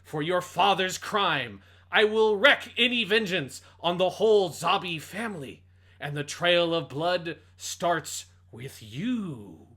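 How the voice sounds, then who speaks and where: An actor playing a vengeful masked young male pilot in a dubbed video game cutscene, speaking slowly and gravely. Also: high-pitched, animated, sharp tone, heavily acted.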